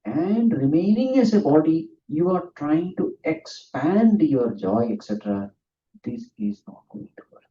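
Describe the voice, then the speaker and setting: Telling stories through frequent laughter, an earnest swami gives a scripture talk in a mellow, somewhat high voice with wide pitch swings and an unhurried pace. The room recording sounds dull, lo-fi and distant.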